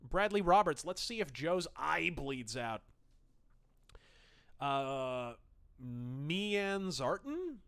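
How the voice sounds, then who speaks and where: A man's voice: on the high side, big pitch swings, very slow, vocal fry, long pauses, fairly bright tone, smooth. A man hosting a livestream, reading chat messages aloud and commenting in a snarky, profane, sarcastic way.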